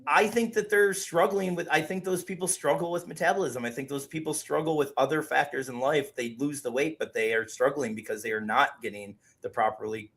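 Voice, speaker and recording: A man's voice: on the high side, steady tone, fairly bright tone, slightly rough. A man co-hosting a podcast in casual chat, joking and laughing often, sick with a cough. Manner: jokey, quick to laugh, repeats himself. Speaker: podcast co-host.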